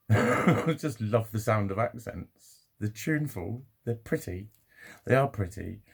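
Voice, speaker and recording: A man's voice: deep voice, gravelly, husky. A middle-aged man, talking in a casual, rambling monologue to his camera. He swears a lot and often laughs at his own jokes. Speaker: vlogger.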